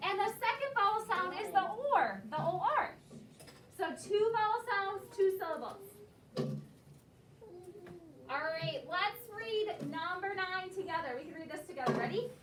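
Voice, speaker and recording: A woman's voice: very high voice, expressive, moderate pace, pauses often. A woman teaching a second grade phonics lesson in a classroom, patiently prompting the class with questions and cues. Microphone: far camera. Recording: echoey classroom, far from the mic, with room noise.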